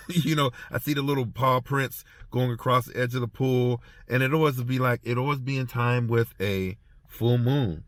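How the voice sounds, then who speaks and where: The speaker, a former prison officer, has a fairly low voice and is recorded with no room sound. Going home after treatment, he shares a casual reflection, halting and repeating words as he tells stories.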